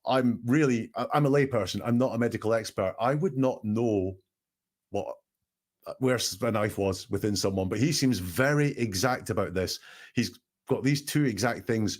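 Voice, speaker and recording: A man's voice: fairly low pitch, moderate pace. A man hosting a show, analyzing recorded words in a questioning, emphatic manner. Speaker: statement analyst host. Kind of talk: analytical commentary.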